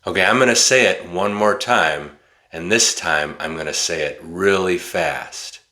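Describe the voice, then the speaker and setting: A man from Wisconsin teaching English pronunciation, slow and deliberate with exaggerated enunciation. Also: low voice, sharp tone. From Wisconsin, USA. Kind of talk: pronunciation lesson.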